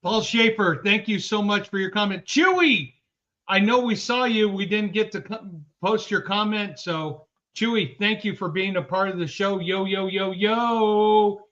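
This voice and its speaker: Upbeat high-voiced man reading chat names. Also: fairly even intonation, normal speed, hardly any pauses. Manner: upbeat, shouting out viewers by name. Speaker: podcast co-host reading the chat. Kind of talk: casual live-stream chat. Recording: dull lo-fi stream audio.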